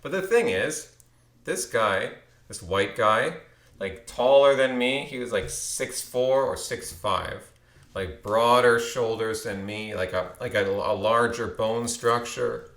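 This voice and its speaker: A man's voice: mid-range voice, slow pace, fairly bright tone, echoey room. A man in his thirties telling a long story to camera in a rambling way, restarting and repeating words. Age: 30s. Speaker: channel host. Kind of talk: casual storytelling monologue.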